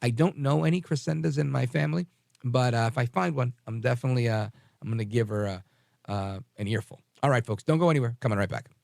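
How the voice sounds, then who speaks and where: Creaky-voiced man hosting talk radio. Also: medium pitch, fast, darkish tone, dry recording, clean studio sound. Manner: chatty, joking asides, self-deprecating. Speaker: radio talk show host. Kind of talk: casual talk radio monologue.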